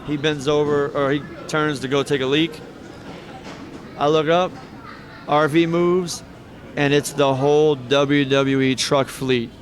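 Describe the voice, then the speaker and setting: A man, a professional wrestler, telling rambling, heartfelt stories with laughs between them in a casual interview. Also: on the high side.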